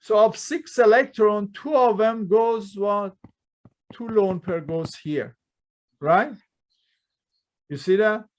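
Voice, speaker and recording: A man's voice: high voice, takes it slowly, long pauses. A man teaching a chemistry class, constantly quizzing students with rhetorical questions and speaking with non-native grammar. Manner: non-native grammar, dropped plurals and articles. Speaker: chemistry lecturer. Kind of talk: classroom lecture. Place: lecture hall.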